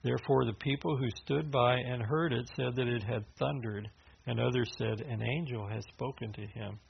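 A man's voice: steady tone, moderate pace, creaky. A man preaching a sermon in a loose, conversational way, with restarts and filler words as he explains scripture. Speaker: pastor. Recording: dull low-fidelity sound with faint hiss.

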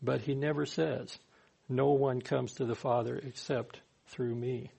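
Male preacher, mid-pitched, gravelly, conversational sermon delivery. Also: fairly even intonation, measured pace, a little mellow. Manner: conversational, acts out quoted speakers.

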